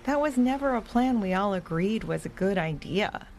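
A woman doing a gentle father dog. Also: medium pitch, expressive, moderate pace, slight background noise, close to an everyday voice. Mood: regretful.

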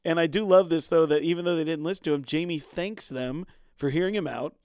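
A man's voice: on the high side, fairly quick, a little mellow, clear, resonant tone, no echo, clean studio sound. A man co-hosting a casual podcast, recapping scenes of a TV episode and chuckling often as he retells them. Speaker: podcast co-host.

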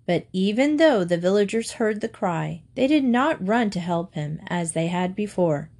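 A woman calmly reading fables aloud, clear and steady as a storyteller. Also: fairly low pitch. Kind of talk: scripted storybook narration.

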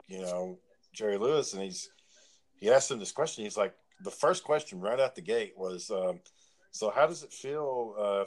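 A man in casual chat with friends, telling long rambling stories and acting out what people said. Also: lowish voice. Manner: rambling storyteller, acts out quotes.

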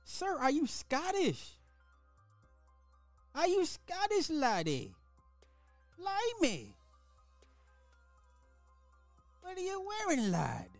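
A man's voice: lively intonation, takes it slowly, long pauses, dry recording, faint music behind, exaggerated voice. A man doing a scandalized mock-posh Brit. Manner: mocking, exaggerated high voice.

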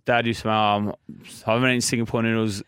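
A young man with an Australian accent, chatting loosely and joking, with plenty of fillers. His voice is lowish and smooth. The sound is close and dry. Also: little pitch movement, fast, a bit bright, no room sound. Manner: rambling, joking, lots of fillers. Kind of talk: casual chat.

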